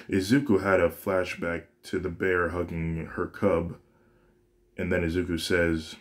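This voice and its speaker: A man with a low, deep voice narrating a fan-made story in a relaxed, unpolished way. He often stops to restart a phrase and fix his own slips. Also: unhurried. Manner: casual, with frequent restarts and self-corrections. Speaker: story reader. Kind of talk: casual reading of a fan story.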